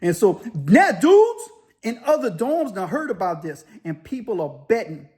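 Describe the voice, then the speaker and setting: A man telling a story casually, loosely and with animated sound effects. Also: sits high, measured pace. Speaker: storyteller, former inmate.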